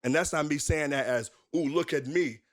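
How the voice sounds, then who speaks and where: Young male minister, interview guest, emphatic storyteller, somewhat high voice. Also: normal speed. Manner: animated, emphatic, rhetorical questions. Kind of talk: candid conversational storytelling.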